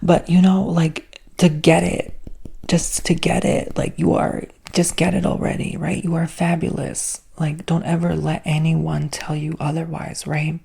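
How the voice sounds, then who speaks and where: A man's voice: a little high, completely flat delivery, measured pace, gravelly, husky. A man giving whispered ASMR spiritual talk as host, sassy and flamboyant, swearing casually. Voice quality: soft whispery delivery.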